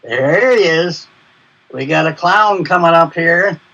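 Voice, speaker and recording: A man from a play-reading group chats in a relaxed, joking way. His voice is high and husky, and he talks slowly. The audio is dull video call sound. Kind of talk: casual chat.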